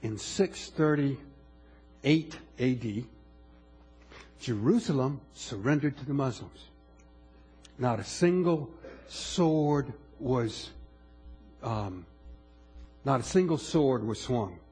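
A man's voice: medium pitch, expressive, slow, pauses often, dark tone, breathy edge, soft background music. A male pastor preaching a sermon in a conversational way, asking the congregation questions with frequent restarts.

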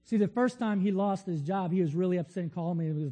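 A man's voice: high voice, quick pace, warm tone, big-room sound, muffled recording. A man preaching a sermon in a conversational, storytelling way with frequent restarts.

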